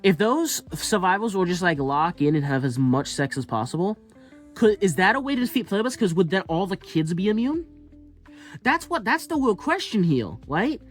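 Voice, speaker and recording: A man's voice: high voice, big pitch swings, moderate pace. Rambling man with faint music behind. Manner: rambling, filler-heavy, many restarts. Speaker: commentator. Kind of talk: casual speculative monologue.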